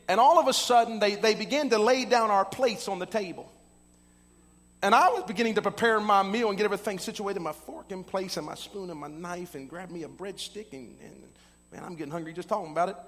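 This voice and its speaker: A man with a very high, bright voice tells a story from the pulpit. His sermon rises to shouts, and he peppers it with "uh." The long reverb of a church sanctuary trails after every phrase. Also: brisk. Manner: animated storyteller who builds to shouting, with many "uh" fillers. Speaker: pastor.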